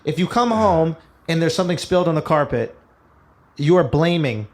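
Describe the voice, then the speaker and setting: A man's voice: on the high side, lively intonation, moderate pace. A man making an emphatic, argumentative point in a podcast rant.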